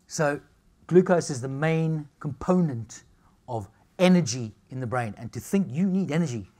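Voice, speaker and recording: A middle-aged man, giving a cheeky, joking lecture on nutrition to a live audience. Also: mid-range voice. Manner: cheeky, jokey, animated storytelling.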